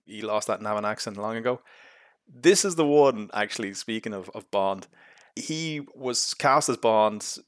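A young man hosts a casual film talk, blunt and sarcastic, full of restarts and asides. His voice sits low, and the recording is dry and close with no room sound. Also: a bit bright, no room sound. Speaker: host.

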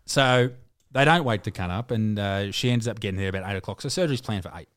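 A man's voice: lowish voice, quick pace, a bit bright, no echo, clean studio sound. A young Australian man co-hosting a crude, casual podcast, telling a long story with lots of swearing and laughter. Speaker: podcast co-host.

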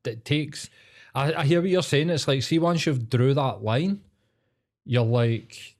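A man's voice: mid-range voice, a little slow, a little mellow. A Glaswegian man co-hosting a podcast, talking in an earnest, supportive way. His chat is loose and full of swearing, with plenty of "aye" and "mate". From Scotland. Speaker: podcast co-host.

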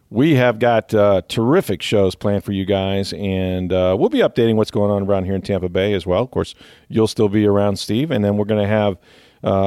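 A man's voice: lowish voice, darkish tone, smooth, no room sound, studio quality. A man hosting a sports podcast, chatting casually and rambling with fillers and easy laughs. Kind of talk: casual chat.

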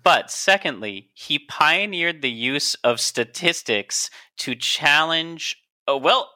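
Playful, bright-voiced man explaining facts. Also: fairly high pitch, expressive, takes it slowly. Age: adult, a doctor. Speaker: podcast co-host. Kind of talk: casual podcast chat.

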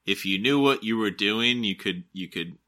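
Low bright-voiced man cracking crude jokes. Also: moderate pace. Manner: laid-back, crude jokes. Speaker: podcast co-host. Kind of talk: casual chat.

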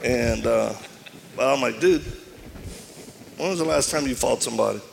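A man's voice: mid-range voice, normal speed, creaky, long reverb tail, a little hiss or hum. A man with a Cajun accent preaching to a live audience, telling a story with humor and self-deprecating asides.

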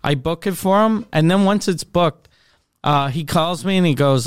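A man co-hosting a podcast, chatting in an easygoing, halting way with fillers. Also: on the high side, clear, resonant tone, dry recording, clean studio sound. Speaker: podcast co-host. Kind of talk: casual chat.

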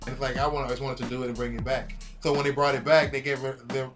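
A man in casual chat, telling a story in an animated, profane way and acting out quotes. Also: mid-range voice, fast talker, music in the background.

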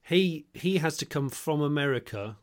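A man, co-hosting a comic chat, explaining things slowly with a deadpan touch. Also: a little high. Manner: drawn-out, deadpan explaining, laughs often. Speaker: podcast co-host. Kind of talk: casual comedic chat.

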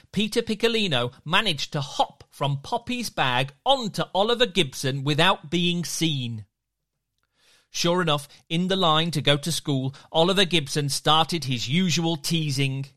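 A storyteller narrating a children's story with an expressive, lively delivery. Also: mid-range voice.

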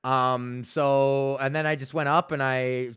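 A man's voice: mid-range voice, flat delivery, a little slow, fairly bright tone, clean tone. A male comedian hosting a solo podcast, ranting in a loose, rambling, profane way.

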